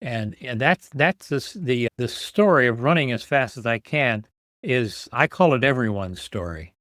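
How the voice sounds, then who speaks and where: A man's voice: medium pitch, lively intonation, moderate pace, fairly bright tone, dry recording, clean studio sound. Earnest older man telling his story. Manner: earnest, repeats words as he builds a point. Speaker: guest, author and nonprofit founder. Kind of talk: podcast interview storytelling.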